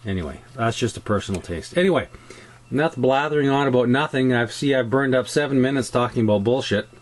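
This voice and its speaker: A man's voice: medium pitch, quick pace. A man with a Canadian accent talking casually through a scale-model weathering tutorial, rambling and restarting his sentences. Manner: rambling, chatty, frequent restarts and ums.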